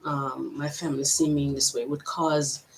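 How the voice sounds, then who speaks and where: A woman with a mixed American and Jamaican accent, talking to camera in a personal vlog, reflective and halting as she thinks aloud. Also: low-pitched, flat delivery, vocal fry, low-quality recording. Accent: mix of American and Jamaican. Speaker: vlogger.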